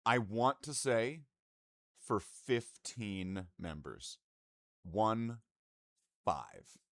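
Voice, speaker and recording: A man's voice: fairly low pitch, sing-song, drawn-out words, fairly bright tone, no echo, studio quality. A man streaming live and chatting casually with his viewers in profane, rambling, mock-indignant banter.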